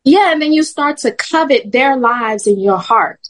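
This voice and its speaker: Animated woman giving faith testimony. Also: high-pitched, a little slow. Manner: animated storytelling, laughs often. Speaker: podcast guest.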